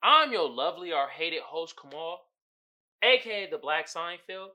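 A man hosting a podcast in a casual, comedic commentary style. He swears freely, laughs often, and swings from low mumbling to loud outbursts. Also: lively intonation, normal speed, noisy background. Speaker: podcast host.

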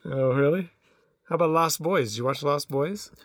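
Middle-aged male co-host, slightly high voice, dry close sound, loose and rambling delivery. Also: normal speed, dry recording. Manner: rambling, hesitant, many restarts and fillers. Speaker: podcast co-host. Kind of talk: casual chat.

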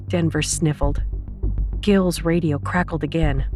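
A woman narrating an audiobook with steady storytelling. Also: low-pitched, unhurried, faint music behind.

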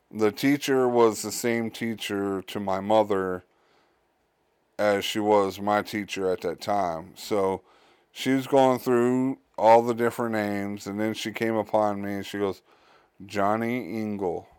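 A man who is a father hosts his own podcast, talking on his own in a casual, halting way, with many fillers and restarts. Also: lowish voice, darkish tone, clean tone, no room sound. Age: adult, a father. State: tired, yawning. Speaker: podcast host. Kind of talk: casual solo podcast monologue.

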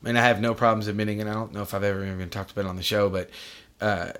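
A man's voice: lowish voice, level tone, very fast, fairly bright tone, clean tone. A middle-aged man hosting a podcast, talking bluntly and profanely in casual chat. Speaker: podcast host.

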